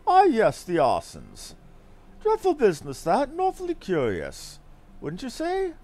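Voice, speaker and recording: A breezy, foppish aristocrat chatters in a lofty, sing-song voice, as a man reads him out. The tone swoops high and low, all airy theatrics and upper-crust lilt. It is a game character brought to life by a streamer reading the dialogue. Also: wildly swooping pitch, a little slow, a little mellow, full character voice.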